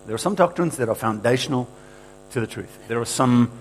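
Male preacher, mid-pitched, emphatic sermon delivery, light mains hum behind. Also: animated, brisk, rough recording. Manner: emphatic, quoting scripture with rising force.

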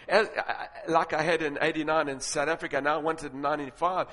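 A man preaching a sermon, telling stories and building to loud, emphatic points. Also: a little high, a little fast, hardly any pauses. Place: large auditorium with audience. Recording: long reverb of a large hall.

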